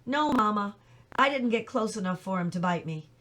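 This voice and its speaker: A woman voicing an excited young farm boy who talks in eager, breathless bursts. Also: medium pitch, normal speed. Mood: pleading.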